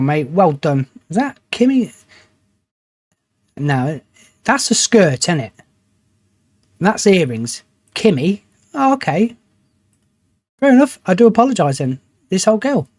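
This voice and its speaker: A man's voice: sits high, darkish tone, no room sound, clean studio sound. A man commenting on his own gameplay in a chatty, grumbling way, swearing now and then when frustrated. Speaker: gaming channel host. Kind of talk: let's play commentary.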